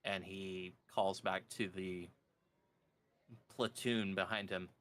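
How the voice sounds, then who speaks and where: A man narrating as game master in a tabletop game, with slow, descriptive delivery. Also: low voice, flat delivery, fairly bright tone, slight background noise.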